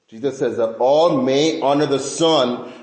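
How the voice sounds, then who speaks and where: A man preaching a sermon as pastor, emphatic and animated, often restarting phrases. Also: medium pitch, a little slow, roomy sound, rough recording.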